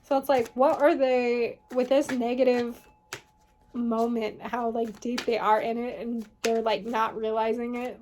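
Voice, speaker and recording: A woman's voice: a little high, level tone, unhurried, darkish tone, slight background noise. A woman giving a casual tarot reading, rambling and filling her talk with "like" and "you know what I mean". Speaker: tarot reader.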